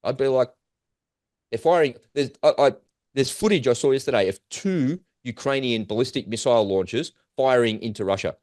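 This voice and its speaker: A man giving an urgent, animated commentary monologue, firing off rhetorical questions as host of his own show. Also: mid-range voice, a little fast, no echo, studio quality. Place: at home in Australia.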